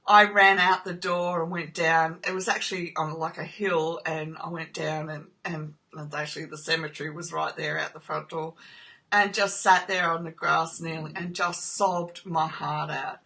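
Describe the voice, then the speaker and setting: A woman's voice: mid-range voice, bright, forceful tone. A woman speaking earnestly about trauma recovery, often checking in with "okay?" and growing emotional during personal stories. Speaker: trauma recovery video host. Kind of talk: personal talk to camera.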